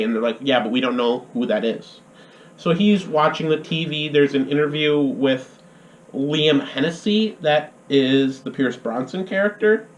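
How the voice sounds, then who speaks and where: A fairly high-voiced young man talks through a film review in a loose, rambling way, restarting his sentences as he goes. The sound is dull and lo-fi, with a roomy echo around him. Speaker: college radio film reviewer. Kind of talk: casual spoken movie review.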